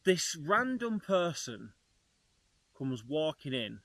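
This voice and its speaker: A man, a travel vlogger, telling a story to camera in a lively, chatty way and talking straight to his viewers. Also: fairly high pitch, slow, dry recording.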